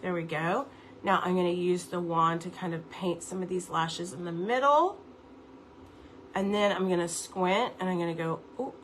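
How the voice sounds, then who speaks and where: Speaking at a moderate pace in a lowish voice, the woman guides her audience through a makeup routine live from home, chatty and instructive as she talks to them directly. Some faint hiss or hum sits in the recording.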